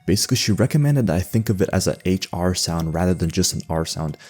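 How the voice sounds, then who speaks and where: A man's voice: deep voice, lively intonation, a little fast, darkish tone, husky. A young man, hosting a comedic voice-over explainer, sarcastic and joking, often laughing mid-sentence. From Canada. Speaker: language-learning video host. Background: faint background music.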